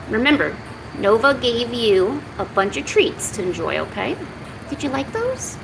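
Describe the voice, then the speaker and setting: A woman's voice: fairly high pitch, sing-song, normal speed, vocal fry, noisy background. A woman chatting casually on her art live stream, talking to viewers and cooing at her cat between drawing. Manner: chatty, coos baby talk to her cat.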